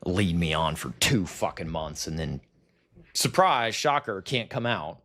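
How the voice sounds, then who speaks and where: A deep-voiced man in his thirties, speaking a little slowly with big swings in pitch and a bit of brightness, delivers a profanity-laden monologue to camera. The vlogger is bitter and fed up, repeating himself as he vents.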